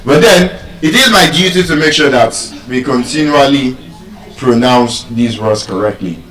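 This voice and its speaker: A Nigerian man teaching English word stress to a live audience, animated and quizzing the crowd with questions. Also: mid-range voice, measured pace. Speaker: public speaker teaching pronunciation. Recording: echoey hall, voice from far off.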